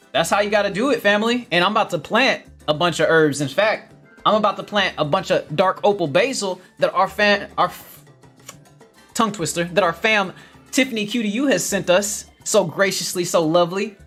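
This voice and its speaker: A man hosting a casual gardening livestream, reading viewer comments with energetic, upbeat chatter, often laughing and calling his viewers family. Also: high-pitched.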